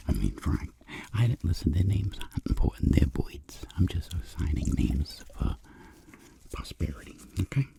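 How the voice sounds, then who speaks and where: Very low, gravelly man's voice drifting into whispers as he narrates soft-spoken ASMR. His tone is dark and mellow, while his pitch roams widely as he rambles and jokes in hushed asides. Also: big pitch swings, moderate pace. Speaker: ASMR creator.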